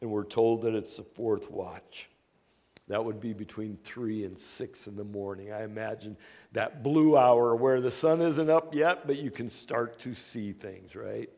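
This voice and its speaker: A man preaching a sermon as earnest storytelling, moving between hushed, quiet passages and loud, excited bursts. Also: fairly low pitch, a little slow. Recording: long reverb of a hall.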